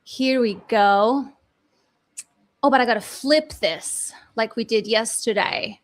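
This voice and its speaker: A woman runs a live online class from her home in Dubai, chatting casually with viewers and swearing now and then. Her voice is a little high and slow, picked up by a desk mic she sometimes drifts away from.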